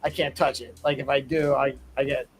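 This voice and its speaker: A man's voice: medium pitch, little pitch movement, fairly quick, a little hiss or hum. A man from southern New England, a guest on a chat show, talking in a rambling, laid-back way. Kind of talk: casual chat.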